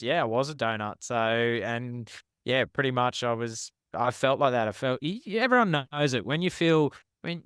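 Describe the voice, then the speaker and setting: A man's voice: medium pitch, a bit bright, smooth, no echo, studio quality. A man, a podcast guest telling personal stories in a frank, rambling, self-deprecating way. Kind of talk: candid personal storytelling.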